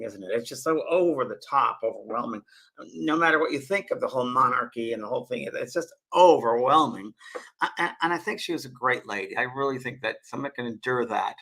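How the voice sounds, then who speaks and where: A man hosting a casual live stream, answering viewers' questions in a rambling, halting way and often repeating his words. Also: mid-range voice, creaky, sharp tone, rough recording. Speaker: host and spiritual medium.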